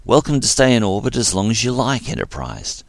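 A man's voice: mid-range voice, sing-song, fairly quick, gravelly, no echo, studio quality, voice pushed up. A man putting on a formal alien comm voice. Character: formal alien voice hailing over a comm channel.

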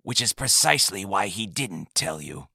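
A gentle, understated old village leader in a storybook, deep-voiced and crisp in tone, speaking with easy calm, as a male narrator puts him on. His voice is quiet and dry, with a close, dead sound. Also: moderate pace, dry recording, exaggerated voice.

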